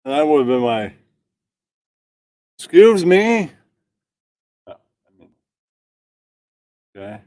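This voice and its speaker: A man's voice: mid-range voice, moderate pace, pauses often, warm tone, smooth, dry recording. A man on a comedy talk show riffing in a crude, incredulous way.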